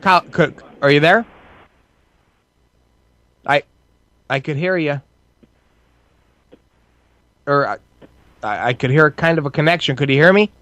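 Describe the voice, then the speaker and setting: A man's voice: a little high, measured pace, pauses often, a bit bright, no echo. Male talk host with dry close mic. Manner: loose, hesitant, with many restarts. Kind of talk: live talk show hosting.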